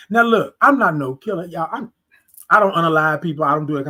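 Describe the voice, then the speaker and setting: Woman host, casual storyteller; animated, acts out the back-and-forth, repeats lines for emphasis, speaks right to her audience. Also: deep voice, brisk. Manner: animated, acts out both sides of conversations; talks straight to listeners, repeats phrases for emphasis. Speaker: podcast host.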